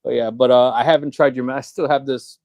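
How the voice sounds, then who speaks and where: Sex: man. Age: middle-aged. Role: co-host of a live maker Q&A. Style: casual live chat. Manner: chatty storyteller who acts out quoted voices. Pitch: medium. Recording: dry, close sound. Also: fairly even intonation, fast, darkish tone, no echo, highs cut off.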